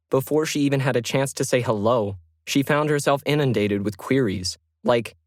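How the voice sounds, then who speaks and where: A man giving measured, scripted narration of a science fiction story. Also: mid-range voice, dry recording, clean studio sound.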